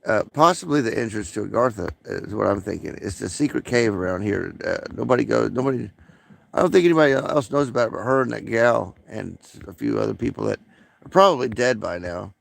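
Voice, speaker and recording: A man's voice: on the low side, lively intonation, fairly quick, vocal fry, no echo. A man rambling profanely during a late-night livestream, with many fillers, smoking and coughing.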